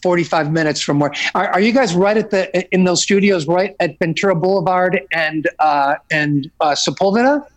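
A man who is a rock singer, chatting as an interview guest. His voice sits high for a man. He talks easily but haltingly, often restarting and poking fun at himself. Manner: easygoing, halting, self-deprecating. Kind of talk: casual interview chat.

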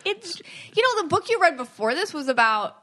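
A woman hosting a podcast about auras, chatting casually and teasing her co-host with quick laughs. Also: very high voice, very animated, a bit bright. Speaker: podcast host, aura reader.

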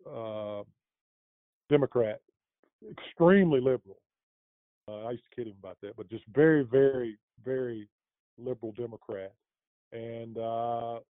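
In a casual interview, a middle-aged guest rambles through a long anecdote, full of fillers and restarts, chuckling as he goes. His medium-pitched voice comes over a dry, tinny, phone-like line with no echo.

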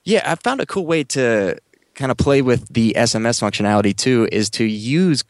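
A man's voice: medium pitch, expressive, normal speed, no echo. A man co-hosting a podcast, eagerly explaining security tips in casual chat with repeated phrases. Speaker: podcast co-host. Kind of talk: casual tech advice chat.

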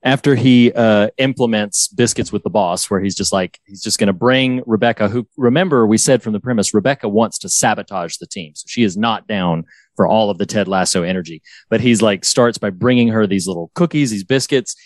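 A podcast co-host with a fairly low voice talks a little fast in a casual chat, enthusiastically retelling and quoting favorite lines from a series. There is no echo on the recording.

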